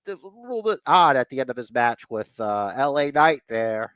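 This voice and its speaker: A man's voice: medium pitch, clear, resonant tone, dry recording. A man co-hosting a laid-back wrestling podcast, talking through the week's shows with lots of "uh" and "you know". He has an ordinary mid-range voice, recorded close and dry with no room sound. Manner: acts out wrestlers' lines in quick, animated put-on voices. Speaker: podcast co-host. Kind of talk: casual wrestling recap chat.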